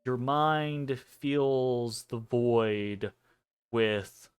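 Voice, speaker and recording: Slow, smooth-voiced man narrating a game. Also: medium pitch. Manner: measured, hesitant, pausing between phrases. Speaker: game master. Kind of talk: slow narration of a tabletop game dream scene. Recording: soft music behind.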